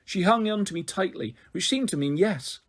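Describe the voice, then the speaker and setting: A man reading a children's novel aloud in an expressive storytelling manner. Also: sits high, moderate pace. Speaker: story reader.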